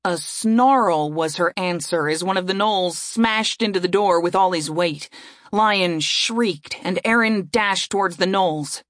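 A woman narrating a fantasy audiobook in a steady storytelling voice. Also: on the low side, measured pace, dry recording, studio quality.

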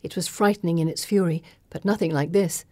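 A woman reading first-person scripted narration in a measured, dramatic way. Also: lowish voice, fairly even intonation, a little mellow, no echo. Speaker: audiobook narrator.

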